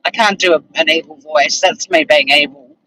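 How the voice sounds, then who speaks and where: On a rough recording with a bit of hiss or hum, a woman speaks at normal speed in a low, bright, forceful voice. The streamer reads viewer comments during a casual livestream, ranting with blunt exasperation, swearing freely and laughing often.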